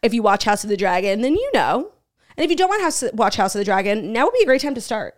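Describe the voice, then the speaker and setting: A woman's voice: fairly high pitch, big pitch swings, quick pace. Bubbly joking woman co-host. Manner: bubbly, joking, laughs often. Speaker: podcast co-host. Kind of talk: casual chat.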